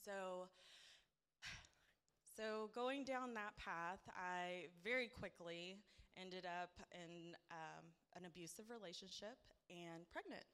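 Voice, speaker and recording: A woman's voice: lowish voice, slow, a bit bright, smooth. A woman giving a heartfelt personal testimony at church, speaking earnestly and building to emphatic praise.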